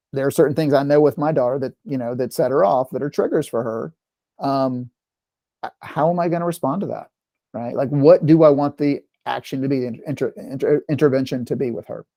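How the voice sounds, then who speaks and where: Mellow-voiced man leading a parent workshop. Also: medium pitch, no echo, studio quality. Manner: conversational, with frequent "right?" check-ins. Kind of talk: informal talk to parents.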